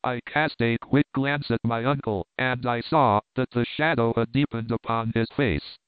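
A man narrating a period novel as an audiobook reader in a measured, even way. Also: mid-range voice, smooth, no room sound. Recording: dry, narrow phone-like sound.

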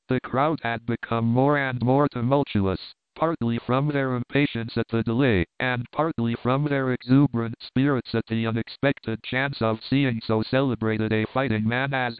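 A man reading a classic novel aloud with measured, even storytelling. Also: medium pitch, smooth, no room sound. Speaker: audiobook reader. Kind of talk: scripted narration of a classic novel. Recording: tinny narrow-band, dry.

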